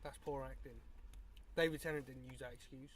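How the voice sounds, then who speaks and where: A man's voice: mid-range voice, steady tone, fairly quick, slight background noise. A man co-hosting a podcast, blunt and dismissive, swearing freely in casual opinionated chat. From England. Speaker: podcast co-host.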